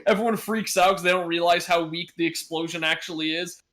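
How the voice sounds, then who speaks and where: A man with a slightly high voice, co-hosting a podcast. He tells rambling anecdotes in an easy, casual way and swears now and then. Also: fairly even intonation, fairly quick, fairly bright tone. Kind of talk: casual chat.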